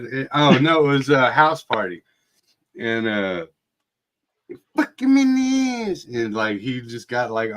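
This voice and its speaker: A man's voice: mid-range voice, a bit bright. A man telling old stories in a casual, profane chat, laughing often. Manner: profane, laughing, slow drawl. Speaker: podcast host.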